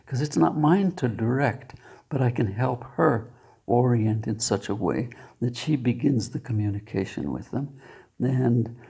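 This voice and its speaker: An older man, a therapist, quietly recounting a story from his practice, soft-spoken and sometimes dropping to a near whisper. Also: mid-range voice, creaky, slightly rough.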